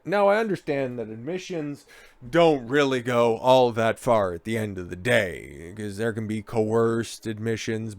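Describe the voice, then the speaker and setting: A man's voice: on the low side, no echo. A man giving crude, sarcastic commentary while reading out a news story. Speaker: online commentator.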